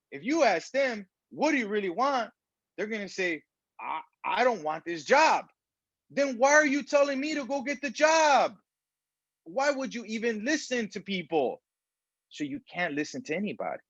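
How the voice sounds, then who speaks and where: A man giving a motivational self-help talk in a preachy, animated way, acting out the voices of people he quotes. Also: mid-range voice, dry recording. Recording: dull lo-fi sound.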